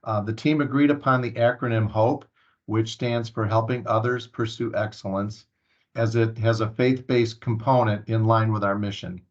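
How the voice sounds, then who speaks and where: A man's voice: on the low side, fairly even intonation, normal speed. Muffled man giving a staff training talk. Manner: earnest, many filler sounds and restarts. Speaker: staff presenter at a town hall. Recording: muffled lo-fi recording.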